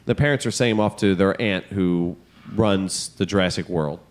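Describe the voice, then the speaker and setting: A man's voice: low-pitched, normal speed. Profane, rambling male podcast co-host. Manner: rambling, profane storytelling, acts out his own reactions. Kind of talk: casual comedic chat.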